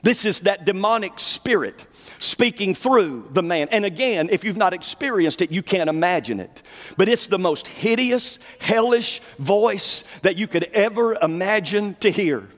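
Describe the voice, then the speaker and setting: A male preacher delivering a fervent sermon, dropping to low asides and rising to shouted declarations. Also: lively intonation, measured pace, big-room sound.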